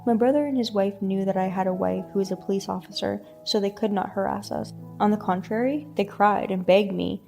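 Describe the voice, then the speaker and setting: A woman reading a first-person story in an even, scripted narration. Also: medium pitch, a little fast, creaky, few pauses, faint music behind.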